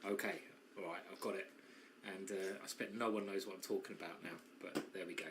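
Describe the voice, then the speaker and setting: A man's voice: sits low, steady tone, fast talker, background noise. A man commentating live on a chess tournament, chatty and self-mocking, who often breaks into laughter while bantering with his co-host.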